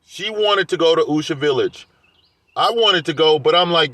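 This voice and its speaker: A man's voice: fairly high pitch, animated, moderate pace, fairly bright tone, no room sound. A man vlogging in a heated, defensive rant, airing grievances to his viewers. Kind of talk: casual rant to camera.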